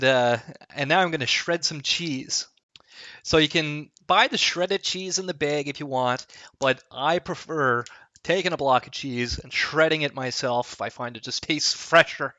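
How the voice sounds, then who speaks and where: In a dry, dull-sounding recording, a man with a fairly high, bright, forceful voice hosts a home kitchen cooking vlog. He wanders from topic to topic, joking and making fun of himself along the way.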